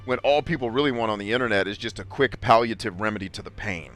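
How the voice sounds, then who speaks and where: A man's voice: fairly low pitch, fast talker, fairly bright tone, soft background music. Blunt, profane man in casual chat. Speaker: podcast host.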